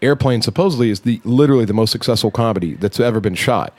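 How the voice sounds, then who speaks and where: A man's voice: mid-range voice, fast, a little mellow, no room sound. A man hosting a casual podcast, rambling and restarting his sentences, cursing now and then. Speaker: podcast host.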